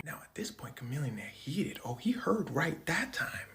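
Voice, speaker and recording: A storyteller retelling a celebrity anecdote casually, swinging between hushed whispers and loud bursts. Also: medium pitch, lively intonation, normal speed, gravelly, few pauses, slight background noise.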